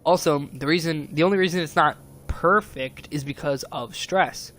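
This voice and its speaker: A man's voice: fairly high pitch, moderate pace, fairly bright tone. A young man in his teens, rambling and upset as he vents on a stream, swearing a lot. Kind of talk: casual venting monologue.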